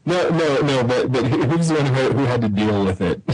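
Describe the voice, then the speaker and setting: A man's voice: mid-range voice, lively intonation, fairly quick, a little mellow, poor audio. A man speaking as a guest in a casual podcast chat, stammering and laughing as he tells a story.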